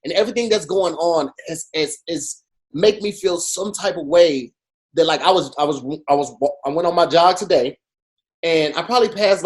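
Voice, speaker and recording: A man co-hosting a podcast in casual chat, emphatic and animated, with many restarts as he talks. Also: a little high. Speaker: podcast co-host.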